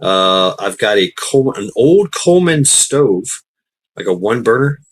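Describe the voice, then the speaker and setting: A man's voice: on the low side, sing-song, a little slow, husky, rough recording. A man hosting a livestream, telling a casual rambling story, laughing often and swearing freely. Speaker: livestream host.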